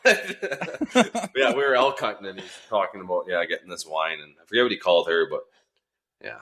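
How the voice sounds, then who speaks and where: Man, from Northern BC, hunting guide, casual storytelling, laughs often, swears, low-ish bright forceful voice. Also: lively intonation, moderate pace. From Northern British Columbia, Canada. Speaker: guest, hunting outfitter.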